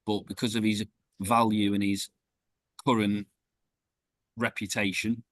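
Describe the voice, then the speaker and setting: Blunt man with a low voice. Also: flat delivery, measured pace, a bit bright, no echo. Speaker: podcast co-host. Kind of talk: casual football chat.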